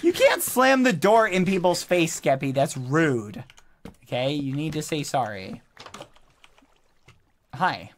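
A man chats through a live game stream, pleading and apologizing with sudden exclamations. His voice moves very freely up and down in pitch. He talks at a slow, unhurried pace. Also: sing-song, a bit bright, slight background noise. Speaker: gaming streamer. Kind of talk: live-streamed gameplay chat.

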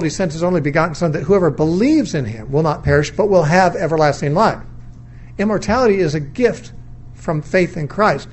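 A middle-aged man gives a sermon lecture in a fairly high voice, thinking aloud as he weighs different views. He questions rather than asserts, and often restarts his sentences. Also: slight background noise. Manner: thoughtful, reasoning aloud, with frequent restarts. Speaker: Bible teacher.

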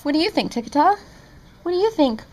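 A woman's voice: sits high, big pitch swings, quick pace, darkish tone, low-quality recording. A young woman chatting casually in a home vlog, playful and goofy, slipping into sing-song. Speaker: vlogger. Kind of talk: casual vlog with silly made-up songs. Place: indoors at a window at home. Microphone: camera mic.

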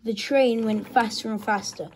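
A woman reading a children's story aloud in a slow, gentle storybook manner. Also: fairly high pitch, steady tone, a little hiss or hum.

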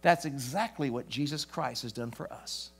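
A man's voice: medium pitch, moderate pace, vocal fry, breathy edge. A male pastor preaching a live church sermon, stopping often to quiz the congregation with fill-in-the-blank questions.

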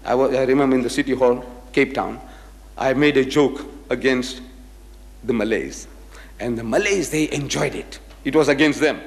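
Recorded in a big room, this older man's mid-range voice carries vocal fry at a moderate pace. He's giving a religious lecture, spinning stories and performing the voices of their characters for the audience.

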